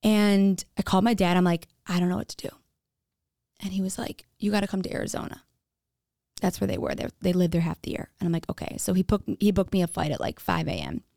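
A woman's voice: medium pitch, fairly quick, vocal fry, darkish tone, no room sound, studio quality. A young woman candidly telling her own story in a casual way, acting out what others said. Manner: candid, frequent "like", acts out quoted dialogue.

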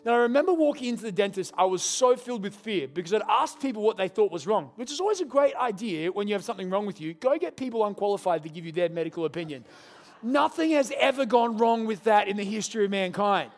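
A man's voice: high voice, animated, fast talker. A young adult man, a pastor preaching a sermon and telling a story with humorous asides.

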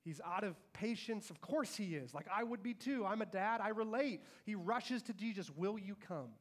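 A man's voice: high voice, normal speed, a bit bright. A man, a father and pastor, preaching a sermon to his church and animatedly acting out the lines of the story he tells.

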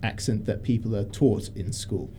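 A man's voice: lowish voice, normal speed, dark tone. Young man, English accent, faint noise. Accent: mostly English with a slight Australian tinge. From born in the UK, raised in Australia. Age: 20s. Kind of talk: casual chat.

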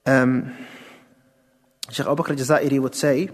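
A man's voice: fairly high pitch, moderate pace. Man teaching Quran tafsir in a hall. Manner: explains step by step, asks rhetorical questions, mixes Arabic terms. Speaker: Islamic teacher. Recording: long hall reverb.

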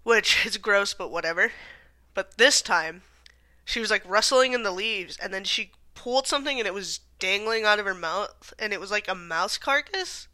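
A woman's voice: mid-range voice, animated, normal speed, pushed and bright. A woman co-hosting a casual chat, telling stories with lots of fillers. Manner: chatty storytelling, frequent fillers and laughs.

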